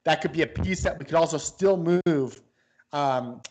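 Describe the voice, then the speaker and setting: A man with a fairly high speaking voice co-hosts a casual sports talk show. He rambles through his points, stopping and restarting often with plenty of fillers. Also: normal speed, a little mellow. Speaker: sports podcast co-host.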